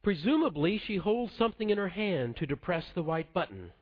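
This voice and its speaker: A man preaching a sermon in a measured, earnest way to a congregation. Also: high-pitched, very animated. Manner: measured, earnest delivery dropping soft at the close. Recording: dull lo-fi sound.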